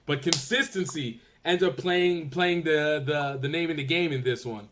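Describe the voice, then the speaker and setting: A man's voice: a little high, normal speed, fairly bright tone, highs cut off. A man hosting a casual interview, talking with enthusiasm and plenty of slang. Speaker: podcast host.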